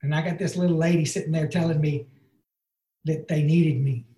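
A recovery speaker shares personal testimony at an online meeting in an earnest, folksy way, often saying "and, uh." His slightly high voice is warm and steady in tone, fairly quick, and the sound is roomy.

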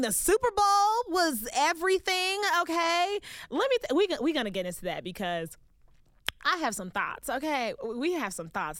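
An exuberant woman hosts her podcast from a recording booth. Her high, bright voice leaps all over the place as she gushes playfully, and the sound is close and dry. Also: smooth, no echo. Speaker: podcast host. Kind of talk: casual podcast chat.

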